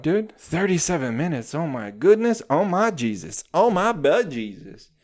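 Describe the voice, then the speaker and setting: A man's voice: fairly high pitch, very animated, moderate pace, few pauses. Rambling profane young podcast guy. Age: 20s. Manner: profane, rambling, says "dude" constantly. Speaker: podcast host. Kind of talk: casual podcast monologue.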